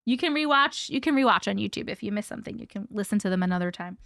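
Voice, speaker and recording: A woman hosting a casual live stream, chatting with viewers and reading stories aloud with hushed dramatic pauses. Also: medium pitch, animated, vocal fry, no room sound, studio quality.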